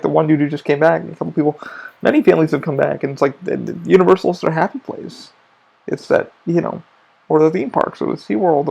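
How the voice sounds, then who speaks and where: Man, podcast host, gravelly voice, slightly high pitch, rambling casual monologue, swears a lot. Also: a little mellow, rough recording. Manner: profane, storytelling, emphatic.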